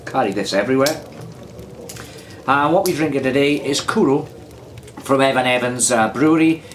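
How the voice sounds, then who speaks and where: A man's voice: mid-range voice, normal speed, slight background noise. A Welsh man hosting a casual beer review vlog, chatty and rambling, repeating himself and drifting into anecdotes. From Wales.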